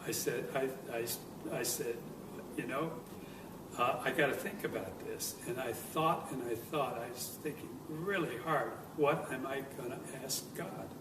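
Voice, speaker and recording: An older man recounting a near-death experience, pausing and choking up with emotion. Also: mid-range voice. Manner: choked up, apologizing as emotion overtakes him. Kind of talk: personal testimony. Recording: echoey, distant with noisy background.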